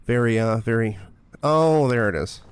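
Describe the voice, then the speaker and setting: Man, game streamer, casual commentary, swears a lot, mid-pitched voice, mutters to himself. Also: moderate pace, clear, resonant tone. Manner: profane, joking, muttering to himself.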